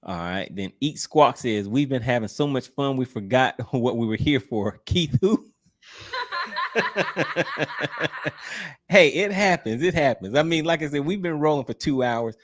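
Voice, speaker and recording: A man's voice: mid-range voice, animated, measured pace. Easygoing man hosting a livestream. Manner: easygoing, laughs often, teasing. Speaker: livestream host. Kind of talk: casual livestream chat, reading viewer comments aloud.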